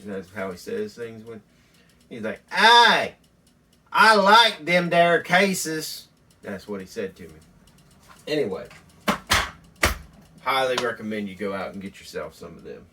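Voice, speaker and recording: A man hosting a mock home tutorial in a folksy, deadpan, rambling way. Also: lowish voice, far from the mic. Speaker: host.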